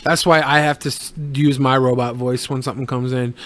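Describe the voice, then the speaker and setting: A man's voice: medium pitch, flat delivery, a little fast, a bit bright, a little hiss or hum. A man co-hosting a live online show, teasing his guests and laughing a lot in casual banter. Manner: joking, giggly, teasing. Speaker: co-host.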